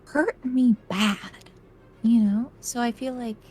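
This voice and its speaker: A woman's voice: fairly high pitch, takes it slowly, darkish tone, husky, soft background music, rough recording. A woman player in a tabletop game, playful and a little stammering.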